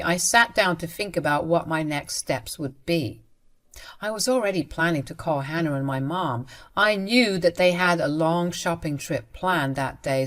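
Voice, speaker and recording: A woman narrates a first-person story in a matter-of-fact way. She speaks directly to her listeners. Her voice sits fairly low. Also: a bit bright.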